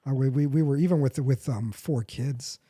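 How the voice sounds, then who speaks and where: A man in his forties talks in a relaxed podcast chat, his voice mellow and dark. He rambles, backtracks to correct himself and laughs easily, recorded close and dry. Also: mid-range voice, normal speed, breathy edge, no room sound. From United States. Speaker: podcast co-host. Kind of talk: casual chat.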